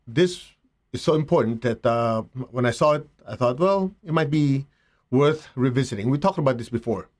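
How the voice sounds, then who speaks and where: A middle-aged man, a spiritual teacher, giving a slow, reflective talk with rhetorical asides. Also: medium pitch.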